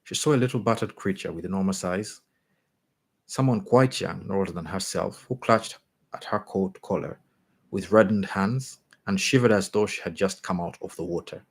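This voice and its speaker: A man reading a short story aloud in a measured way, sometimes restarting a phrase. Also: deep voice, vocal fry, husky. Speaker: reader.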